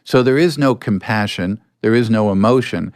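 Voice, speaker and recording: An older man, a podcast guest, telling anecdotes in a relaxed way and acting out bits of dialogue. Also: lowish voice, normal speed, clean tone, dry recording, studio quality. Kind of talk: storytelling in a podcast interview.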